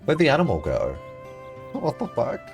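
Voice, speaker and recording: A man's voice: normal speed, creaky. Joking guy streaming a game, voice jumps all over the place, music in the back. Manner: joking, animated, with sudden swings in pitch. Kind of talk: casual let's-play commentary.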